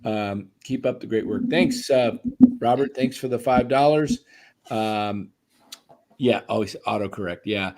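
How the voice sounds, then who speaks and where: A man's voice: fairly low pitch, measured pace, a little mellow. A man with an ordinary mid-range voice hosts a casual sports chat on a live stream. He rambles in a stop-start way and often restarts his sentences. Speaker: sports show host.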